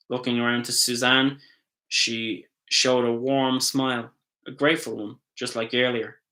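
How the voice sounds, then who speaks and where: A man's voice: mid-range voice, pushed and bright, rough recording. A man who is the author reads his novel aloud live, in a casual way, stumbling and correcting himself now and then. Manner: casual reading with slips and self-corrections. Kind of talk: live book reading.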